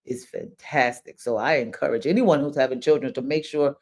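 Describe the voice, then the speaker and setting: Here the older New York podcast host speaks a little fast in a very deep, darkish voice. She keeps up a chatty, unplanned monologue, repeating herself and exclaiming along the way.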